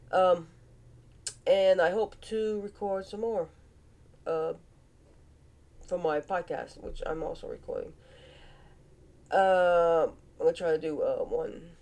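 A woman's voice: fairly low pitch, moderate pace, long pauses, darkish tone. A woman with a Cajun accent hosting a casual vlog, chatty and playful, her voice nasal and stuffed up from sinus congestion. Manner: chatty, playful, with animal noises. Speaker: vlog host. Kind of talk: casual football picks vlog.

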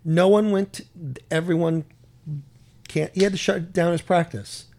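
A man's voice: high-pitched, fairly even intonation, moderate pace, a little mellow. A man co-hosting a casual chat, telling stories and often searching for words. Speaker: podcast co-host.

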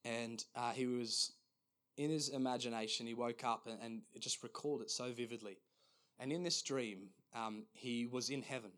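Earnest halting male pastor. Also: medium pitch, fairly bright tone. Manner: earnest, halting, frequent restarts. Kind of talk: sermon.

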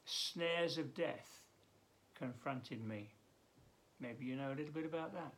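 A man as pastor giving an earnest daily Bible devotional, emphatic and halting with frequent restarts. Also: medium pitch, a bit bright, a little hiss or hum.

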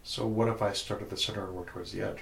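A man's voice: fairly low pitch, steady tone, racing, gravelly, reverberant. A man playing in a tabletop game, talking in a casual, thoughtful way. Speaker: player.

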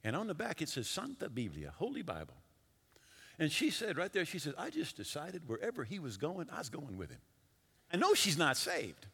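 A bright, fairly high-voiced male pastor preaching with lively, swooping delivery. His voice is a little husky and rings out in a large reverberant hall. He tells stories in quick swings between loud and hushed. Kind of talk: sermon.

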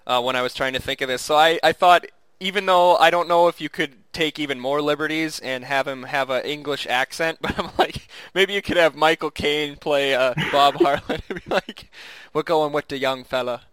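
A man's voice: on the high side, normal speed, hardly any pauses, a bit bright, smooth, dry recording. A man co-hosting a casual podcast chat, rambling with restarts and chuckling often. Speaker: podcast co-host.

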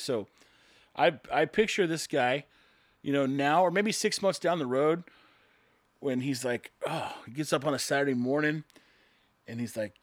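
A man's voice: fairly high pitch, dry recording. A man, a construction worker, in a sarcastic, rambling opinion monologue to his viewers.

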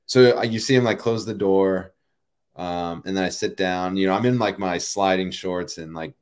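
A man in his thirties with a notably deep, low voice, recounting a memory in casual interview chat. He talks loosely, with plenty of "like" and "you know" as he goes. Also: moderate pace, clean tone. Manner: relaxed, rambling, many fillers like "you know" and "like". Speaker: professional baseball player, guest.

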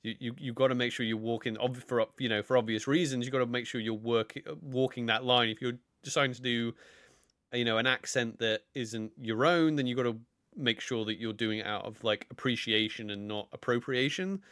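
Man, podcast co-host, mid-pitched, earnest and halting, dry close sound. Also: fairly even intonation, a bit bright, no room sound. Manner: earnest, stumbling advice with frequent restarts. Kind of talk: casual podcast chat.

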